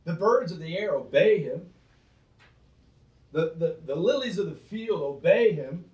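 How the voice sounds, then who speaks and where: A man's voice: high voice, animated, measured pace, dull audio. A man preaching with emphatic force, firing off rhetorical questions and doubling back on his words. He sits back from the mic in a roomy space, so his voice carries a hollow ring. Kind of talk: preaching to a small group. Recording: roomy sound from a distance.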